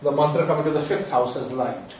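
A man's voice: on the high side, a little fast, a little mellow, slight background noise. A male astrology teacher lecturing students, emphatic and repetitive, often checking that they follow. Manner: emphatic, repeats key points, quizzes the audience. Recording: very echoey room, mic far off.

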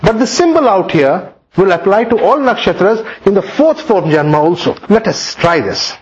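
A high-voiced man lectures his students and keeps throwing rhetorical questions at them. His delivery is animated and swings widely in pitch, and he sometimes acts out complaints. The recording sounds dull and lo-fi. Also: normal speed. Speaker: astrology teacher.

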